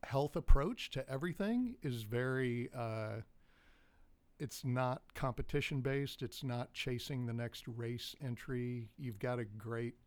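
A man's voice: medium pitch, unhurried. A man co-hosting a podcast in casual chat, joking and rambling, laughing often. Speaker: podcast co-host.

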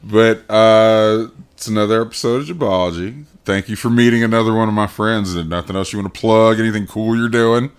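A man's voice: on the low side, steady tone, brisk, clear, resonant tone. Laughing, profane podcast host man. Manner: profane, laughing, acts out quotes. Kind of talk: casual chat.

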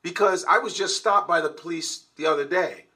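A man rants in a casual conversation, swearing hard and pressing each point. His voice is extremely forceful and tense, and sits a bit high for a man. He talks in loose, heated bursts. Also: moderate pace. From United States. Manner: profane, emphatic ranting.

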